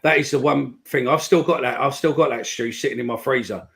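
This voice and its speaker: A man's voice: mid-range voice, fairly quick, creaky, a bit bright, rough recording. A man co-hosting a fan call-in podcast, telling rambling stories in casual chat. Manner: rambling storyteller. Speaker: podcast co-host.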